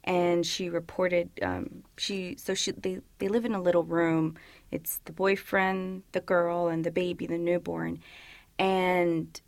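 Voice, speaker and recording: A woman's voice: fairly low pitch, flat delivery, slow, vocal fry, dry recording. A woman police officer whose parents are from El Salvador, chatting freely in an interview with lots of "you know" and acted-out quotes. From United States, parents from El Salvador. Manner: chatty, many fillers, acts out quoted people. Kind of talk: casual interview answers.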